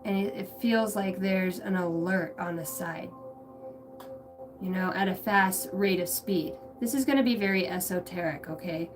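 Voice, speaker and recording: A woman's voice: mid-range voice, moderate pace. Woman, spiritual livestream reading, rambling and searching for words, casual swearing, distant mic, music playing behind. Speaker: spiritual channeler. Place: outdoors on a ranch. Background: music, passing pickup trucks.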